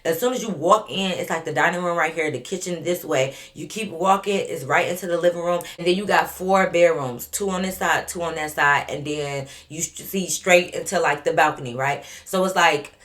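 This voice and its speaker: A woman's voice: fairly low pitch, normal speed, hardly any pauses, a bit bright. A young woman vlogger telling a story in a casual storytime, talking straight to viewers and acting out what other people said.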